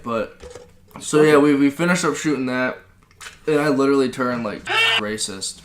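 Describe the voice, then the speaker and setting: A man's voice: medium pitch, fairly bright tone. Young man rambling through a profane story. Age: young adult. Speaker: podcast co-host. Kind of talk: casual chat.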